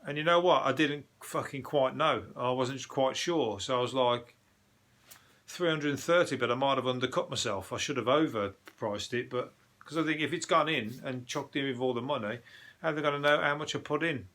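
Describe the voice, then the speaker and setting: A comedian delivering a casual, rambling monologue reviewing the day's news, full of swearing and jokey asides. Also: male voice, medium pitch, brisk, fairly bright tone.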